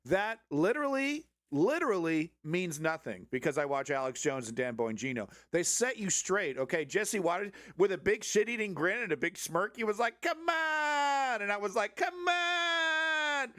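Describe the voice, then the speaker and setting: A man voicing a mock right-wing male TV fan, ranting sarcastically with sudden shouts. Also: high-pitched, lively intonation, moderate pace, hardly any pauses, dry recording, clean studio sound. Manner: sarcastic mocking rant, swings to shouts.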